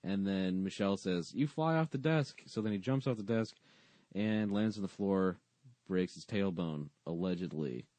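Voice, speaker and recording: A man's voice: low-pitched, steady tone, normal speed, mellow, no echo. A man co-hosting a podcast, recapping a sitcom episode in a dry, sarcastic way. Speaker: podcast co-host.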